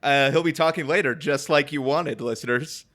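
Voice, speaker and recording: A man's voice: a little high, normal speed, a bit bright. A man hosting a comedy podcast in casual chat, laughing often and joking at his own expense. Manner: laughs often, self-deprecating. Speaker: podcast host.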